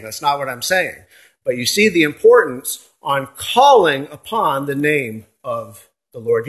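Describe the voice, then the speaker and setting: Middle-aged male pastor, slightly high voice, sermon delivery full of rhetorical questions and rising and falling emphasis. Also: a bit bright.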